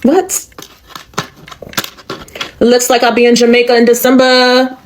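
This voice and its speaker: A woman's voice: on the high side, monotone, a little fast, a little hiss or hum. An American woman venting to camera in a casual selfie video, exasperated and full of rhetorical questions. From United States. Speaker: vlogger.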